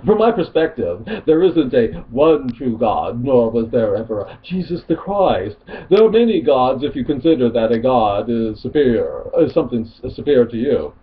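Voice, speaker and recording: Man doing a snobby atheist, prissy, haughty, bouncy pitch, dull lo-fi sound. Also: big pitch swings, moderate pace, lightly acted. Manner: haughty, prissy reading of a post. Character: snobby atheist chat user, male adult. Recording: dull lo-fi recording.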